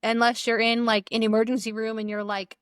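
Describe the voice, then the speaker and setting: A woman's voice: on the high side, flat delivery, brisk, clear, resonant tone, dry recording, clean studio sound. A woman co-hosting a podcast, chatting casually and prompting her co-host with questions. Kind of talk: casual chat.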